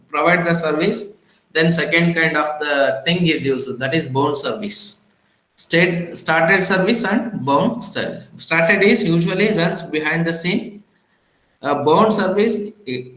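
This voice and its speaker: Male lecturer from India, slow and halting with frequent fillers, bright tone, recorded in an echoey room. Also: fairly high pitch. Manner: halting, many fillers and restarts.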